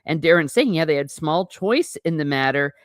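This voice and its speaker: A woman with a lowish voice reads from a fantasy novel and comments on it between passages. She gushes and talks in animated asides, close and dry on the mic. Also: moderate pace, no echo. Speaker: book reviewer. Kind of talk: reading aloud and commenting on a novel.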